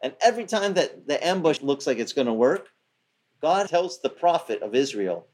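A man's voice: fairly high pitch, sing-song, normal speed. A man preaching, retelling a scripture story in a loose, conversational way. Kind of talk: sermon.

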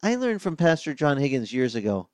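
An older man preaching a sermon as pastor, telling stories with lively acted-out voices. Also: mid-range voice, a little fast, dry recording. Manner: animated storytelling, acting out voices of others.

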